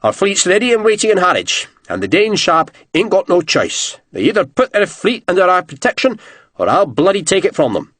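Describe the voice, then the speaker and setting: Man doing a gruff blustering general. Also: high-pitched, very animated, brisk, fairly bright tone, no room sound, pitched above the performer's own voice, heavily acted. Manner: growling, blunt, swearing.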